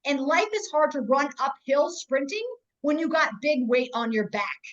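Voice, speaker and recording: High-voiced blunt woman coaching sales. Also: moderate pace. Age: 40s. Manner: blunt, emphatic tough-love talk. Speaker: network marketing trainer. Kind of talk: motivational business training. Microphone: video call. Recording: dull, muffled video-call audio.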